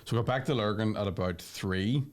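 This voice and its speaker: A man with a Northern Irish accent speaks in a lowish, fairly quick voice and sounds tired. He's a comedian co-hosting a podcast, telling a rambling story and tossing in "right?" at every turn.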